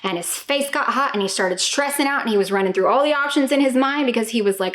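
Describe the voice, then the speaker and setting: A woman's voice: medium pitch, fast talker, hardly any pauses, a bit bright. A woman in her thirties talking straight to the viewer as a homeschooling parent, emphatic and often checking in with "okay?". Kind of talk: direct-to-camera talk.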